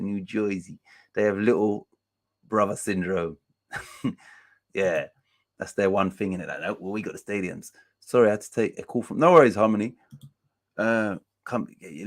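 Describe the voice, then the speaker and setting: A man hosting a casual live match-day stream, chatting loosely, swearing freely and reading out chat messages and scores. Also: fairly low pitch.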